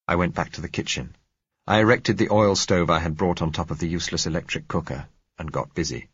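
A man reading a first-person novel aloud as narrator, measured and somber. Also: low voice, a bit bright, slightly rough, no echo. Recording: dry, slightly dull audio.

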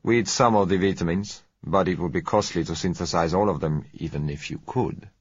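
A suave South American oil dealer, put on by a man reading a story, speaking politely in a slow, gentle, measured way. His voice sits low and husky, with a dull, lo-fi sound. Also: no room sound. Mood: smooth.

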